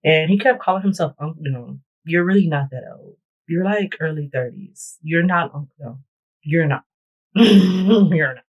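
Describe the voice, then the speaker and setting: A woman's voice: sits low, measured pace, husky, lo-fi sound. A woman vlogger chatting bluntly and profanely through a storytime while she does her makeup and hair. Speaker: beauty vlogger. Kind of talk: get-ready-with-me storytime chat.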